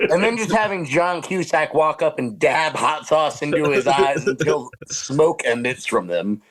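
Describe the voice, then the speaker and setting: A man's voice: on the high side, animated, measured pace, over a noisy crowd, low-quality recording. A man co-hosting a movie podcast, talking casually and with amusement about an absurd film. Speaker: podcast co-host. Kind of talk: casual movie review chat.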